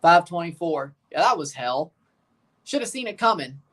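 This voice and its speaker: A sing-song, somewhat bright male voice on the high side, at moderate speed, belongs to a streamer reacting to a live match. He talks through the football action as it unfolds, answers viewers, and becomes nervous near the end.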